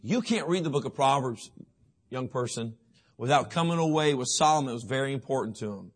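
A middle-aged man preaching a sermon in folksy storytelling, swinging from booming to hushed. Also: animated, a little fast.

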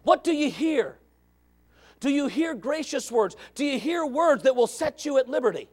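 A man preaching a sermon, jumping between loud shouted lines and low murmured asides, with a gravelly edge to his voice. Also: sing-song, normal speed. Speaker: pastor.

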